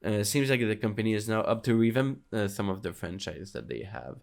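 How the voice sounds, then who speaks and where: A man's voice: lowish voice, a little fast, gravelly. A man co-hosting a gaming news podcast, talking casually with loose fillers. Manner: relaxed, fillers and hedges. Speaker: podcast co-host.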